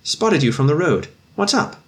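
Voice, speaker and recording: A man reading a story voices a cheerful young infantry officer who calls out eagerly and warmly. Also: fairly high pitch, sing-song, normal speed, pitched above the performer's own voice. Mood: surprised, hailing.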